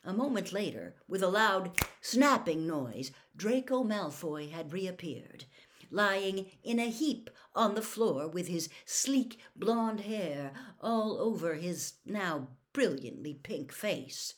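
A woman reading a novel aloud as a storyteller, in an unhurried, expressive manner. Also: on the low side. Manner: unhurried, expressive, swinging intonation.

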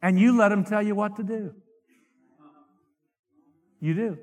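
A middle-aged man, preaching a fiery revival sermon that swings from shouted outbursts to low confiding asides. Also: measured pace, pauses often. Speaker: evangelist.

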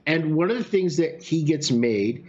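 Guy telling a story, bit high voice, bounces all over, kinda muffled recording. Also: a little slow. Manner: animated storyteller, swears casually. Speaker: podcast guest. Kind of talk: casual storytelling. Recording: lo-fi sound.

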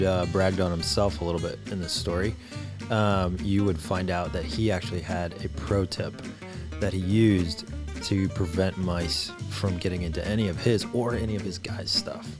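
A man's voice: low voice, fairly even intonation, normal speed, music in the background. A man speaking as a guest in a casual chat, dry and matter-of-fact.

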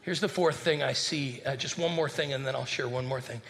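A man who is a senior pastor, preaching a lively sermon and calling on his congregation to respond. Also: medium pitch, fairly quick, vocal fry, slight background noise. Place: church sanctuary with congregation.

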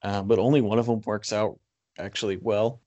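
A man co-hosts a casual film chat in a lowish voice, recorded dry and close. He speaks in a measured way, filling pauses with "um" and "like". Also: fairly even intonation, dark tone, no room sound, muffled recording. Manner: frequent "um" and "like", measured. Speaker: podcast co-host.

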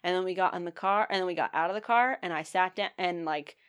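Young woman co-host, everyday animated storyteller, loose and laughing, casual swearing. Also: on the low side, fast talker, clear, resonant tone. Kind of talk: casual chat.

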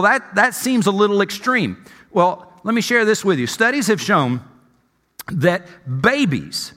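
A man preaching a sermon as senior pastor, telling a story in an animated, conversational way, with a long church reverb. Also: high-pitched.

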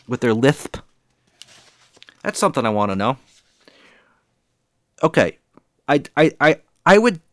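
A man's voice: medium pitch, no room sound, clean studio sound. A man in his forties from New England, delivering a heated, profane and rambling monologue. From New England, USA. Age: 40s. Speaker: vlogger.

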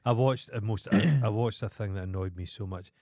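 A man's voice: fairly low pitch, fairly quick, a little mellow, dry recording, clean studio sound. Sweary Scottish man ranting. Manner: blunt, heavy swearing, ranting. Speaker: podcast co-host. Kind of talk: casual chat.

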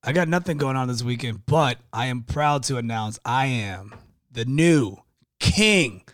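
Lively, laughing male podcast co-host. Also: medium pitch, no echo, clean studio sound. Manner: laughs often, quick banter. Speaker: podcast co-host and open mic host. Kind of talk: casual chat.

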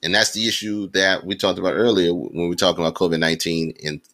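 A man co-hosting a laid-back podcast chat. His voice sits low but rings bright and forceful, and he drives his points home with emphatic repetition. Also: fast. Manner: animated, emphatic, repeats phrases for effect. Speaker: podcast co-host.

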